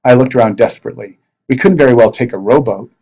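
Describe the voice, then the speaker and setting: A man at a middle pitch reads a novel aloud to his class. He narrates expressively, like a teacher sharing a chapter with students. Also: fast, gravelly, darkish tone, husky, lo-fi sound.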